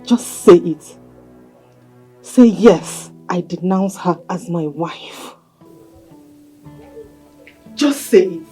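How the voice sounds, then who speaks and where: A Nigerian-accented woman playing a seductive, possessive female marine spirit princess in a film, coaxing and commanding in a slow, insistent way. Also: lowish voice, dark tone, husky, soft background music, full character voice, low-quality recording. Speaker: spirit wife. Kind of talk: Nollywood film acting.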